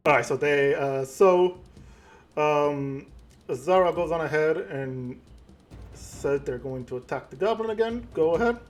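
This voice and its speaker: Halting, slightly high-voiced male game master. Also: soft background music. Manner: halting, full of fillers and self-corrections. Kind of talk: narrating a tabletop game.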